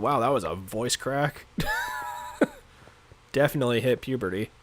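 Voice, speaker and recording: A man's voice: mid-range voice, moderate pace, fairly bright tone, slight background noise. A young man streaming a game, chatting casually with viewers in a rambling, filler-heavy way, his voice a little congested. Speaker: gaming streamer. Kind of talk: casual live-stream chat while playing.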